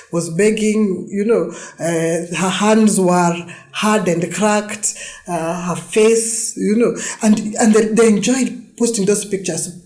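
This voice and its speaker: A woman's voice: mid-range voice, dark tone. A woman hosting a monologue-style podcast, talking earnestly and emphatically with many "you know" fillers. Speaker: podcast host. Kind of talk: reflective monologue.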